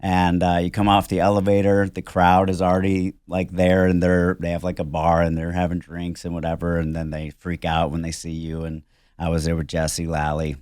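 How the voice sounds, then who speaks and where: A man with a very deep voice tells a story in casual podcast chat, slipping into higher voices for the people he quotes. The sound is dry and close to the mic. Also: completely flat delivery, normal speed, darkish tone, clean tone, dry recording. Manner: storytelling, mimics others with a raised pitch. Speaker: podcast co-host.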